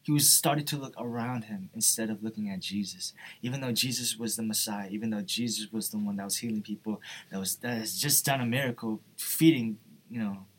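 A man's voice: fairly low pitch, fairly quick, few pauses. A young man giving an earnest, informal devotional talk, often asking "right?" and "you know". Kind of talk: informal sermon.

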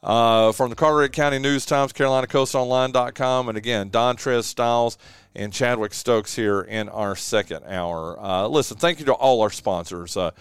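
A man hosting a local radio talk show, signing off in a relaxed, drawn-out way with plenty of "uh" and "man". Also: medium pitch, clear, resonant tone, dry recording. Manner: easygoing, drawn-out with many "uh"s and "man"s. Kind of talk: casual radio sign-off and chat. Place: radio studio. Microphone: studio microphone.

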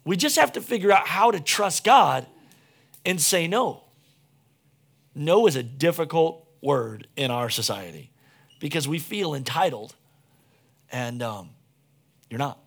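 A man's voice: a little high, expressive, measured pace, creaky, long pauses, slightly rough. A young adult man preaching a casual sermon, telling stories with frequent restarts. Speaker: pastor.

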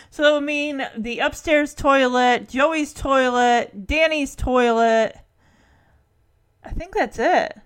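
A woman with a high, light voice recaps a sitcom episode in a casual chat. She talks loosely, laughs easily and slips into little bits of acting as she retells the scenes. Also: fairly bright tone. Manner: chatty, laughs often, acts out lines from the scenes.

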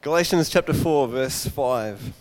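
A man preaching a Father's Day sermon, an animated storyteller who acts out the voices of his characters. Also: mid-range voice, measured pace, in a large hall.

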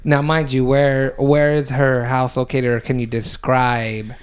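A man co-hosting a casual podcast, keeping the talk going with short prompts and questions. His voice sits at a middle pitch and he laughs often. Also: flat delivery, a little slow, clear, resonant tone. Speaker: podcast co-host. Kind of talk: casual chat.

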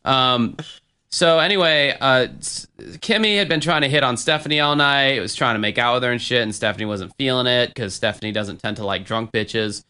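A man's voice: medium pitch, a little fast, bright, forceful tone, smooth. A young man hosting a podcast, telling a crude story in a rambling way, with fillers and swearing. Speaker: podcast host. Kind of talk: casual storytelling.

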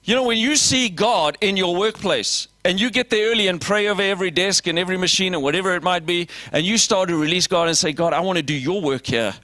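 A man preaching a sermon in a lively, conversational way, acting out short exchanges and calling questions to his listeners. His voice sits a little high for a man. The sound is dry and close, with no room echo. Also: fast talker, few pauses. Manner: animated preaching with acted dialogue and audience questions. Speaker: pastor.

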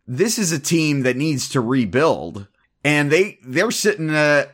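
A man's voice: mid-range voice, fairly bright tone. A man co-hosting a sports podcast, giving his opinions in casual chat with frequent restarts. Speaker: podcast co-host.

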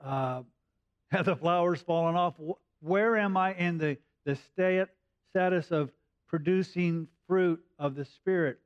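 A man, likely middle-aged, preaching a sermon in a halting way, with frequent pauses and fillers. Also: sits high, smooth, no echo, lo-fi sound. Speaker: pastor.

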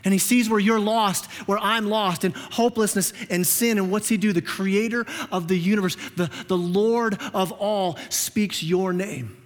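A male pastor giving a sermon in an animated, conversational way, often repeating words as he restarts. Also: high voice, moderate pace, few pauses. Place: church sanctuary. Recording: reverberant church sanctuary.

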